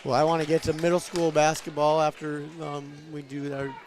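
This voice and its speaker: A man giving relaxed color commentary at a high school basketball game, from the stands of a gym, with short, agreeable remarks. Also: brisk. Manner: short agreeing replies, easygoing. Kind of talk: casual sports chat. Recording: loud crowd noise behind. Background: noisy gym crowd.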